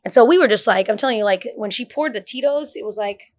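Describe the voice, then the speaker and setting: Casting: woman podcast guest, higher pitch, animated and profane storyteller. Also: quick pace. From north Texas. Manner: animated storyteller, swears freely, acts out quoted voices. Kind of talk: casual chat.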